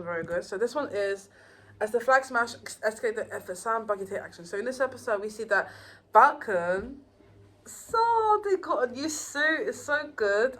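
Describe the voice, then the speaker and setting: Excitable rambling young woman reviewer. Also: mid-range voice, rough recording. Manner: rambling, excitable, many fillers and restarts. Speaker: YouTuber reviewing TV shows. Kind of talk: casual spoken review.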